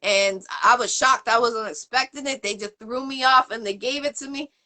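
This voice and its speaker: A woman from the area hosts a casual interview, her clear as she rambles cheerfully through shout-outs and "um"s. Her voice sits a little high and sounds bright and forceful. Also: normal speed. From Boston area, USA. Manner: rambling, upbeat, full of shout-outs and fillers. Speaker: interview show host.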